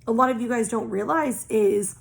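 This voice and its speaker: A woman's voice: on the high side, moderate pace, gravelly. A young woman giving a casual spiritual oracle reading, earnest and reassuring, repeating phrases in long lists and swearing casually. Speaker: tarot and oracle reader.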